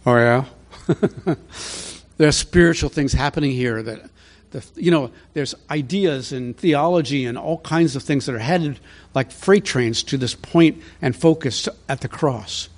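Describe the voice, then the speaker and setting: A man's voice: a little high, measured pace, darkish tone. A man preaching a conversational verse-by-verse sermon, emphatic and fond of rhetorical questions. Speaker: pastor. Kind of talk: expository sermon.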